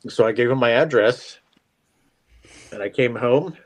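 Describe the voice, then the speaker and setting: A man's voice: medium pitch, measured pace. A man, a show regular, telling a long self-deprecating story in casual chat, rambling and chuckling. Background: faint music.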